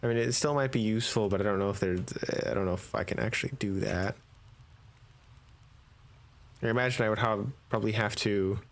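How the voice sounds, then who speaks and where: A man's voice: lowish voice, brisk, pauses often. A man thinking aloud while playing a video game, casual and hesitant, often trailing off. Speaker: gamer. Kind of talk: casual let's-play commentary.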